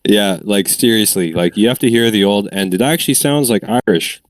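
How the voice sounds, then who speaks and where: Very low-voiced Canadian guy, loose and rambling, dry close sound. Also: animated, brisk, no echo. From Ottawa Valley, Canada. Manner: rambling, filler-heavy talk. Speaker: tabletop game player. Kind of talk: casual chat.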